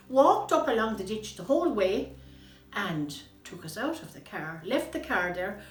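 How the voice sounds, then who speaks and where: A woman tells her story in a steady, plain manner, her mid-pitched voice carrying some room echo. Faint music plays softly underneath. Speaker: interviewee sharing memories. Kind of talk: casual storytelling. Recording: roomy with faint music behind.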